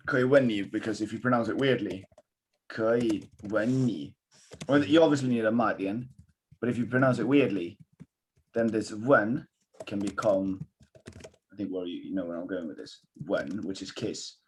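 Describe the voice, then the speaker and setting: A man's voice: on the low side, moderate pace, long pauses, slight background noise. A man teaching a live online Mandarin lesson, switching between English and Mandarin and coaching a student encouragingly. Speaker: Chinese teacher.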